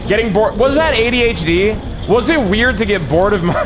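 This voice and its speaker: A man's voice: high-pitched, animated, fairly quick. A man live streaming, chatting casually to his viewers in a rambling, profane way, laughing often.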